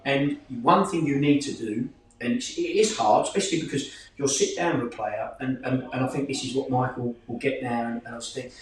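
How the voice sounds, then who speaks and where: Plain-spoken man, far and echoey. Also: brisk. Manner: plain-spoken, rambling, lively pitch swings. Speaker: football club manager. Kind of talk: casual discussion.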